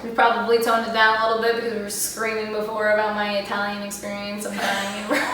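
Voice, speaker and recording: A woman's voice: mid-range voice, a little fast, heavy background noise. A woman hosting a casual chat, animatedly telling a story and acting out what people said. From United States. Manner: animated storyteller, acts out quotes. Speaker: podcast host. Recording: echoey room, distant mic.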